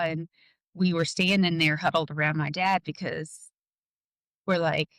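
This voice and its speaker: Halting woman telling her story, dry sound. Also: sits low, fairly even intonation, a bit bright, no room sound, low-quality recording. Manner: halting, full of "like" and "um". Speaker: guest. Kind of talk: personal storytelling in an interview.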